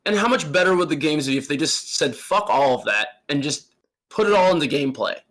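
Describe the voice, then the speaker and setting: A man's voice: on the high side, lively intonation, fairly quick, a bit bright. A man co-hosting a casual podcast, talking in a blunt, joking way and swearing freely. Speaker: podcast co-host. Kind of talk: casual chat about video games.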